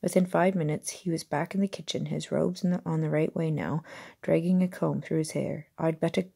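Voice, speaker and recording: A woman narrates a storybook aloud, steady and unpolished, now and then correcting a slip. Her voice is low and gravelly, with a husky, dark tone. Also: fairly quick. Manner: reads steadily with occasional slips and self-corrections. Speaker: audiobook reader. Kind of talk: amateur audiobook narration.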